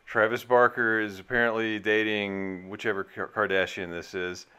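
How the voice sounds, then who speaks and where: Smooth dry-humored man. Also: fairly low pitch, level tone, moderate pace, bright, forceful tone. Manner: dry, jokey. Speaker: reaction video co-host. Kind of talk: casual commentary.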